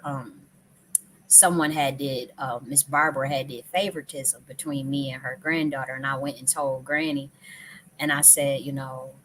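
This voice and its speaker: A woman's voice: a bass voice, fairly bright tone, slight background noise. A woman hosting a live stream, telling a personal story in a casual, emotional way, swearing often and restarting her sentences. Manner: emotional, profane, frequent restarts and repetitions.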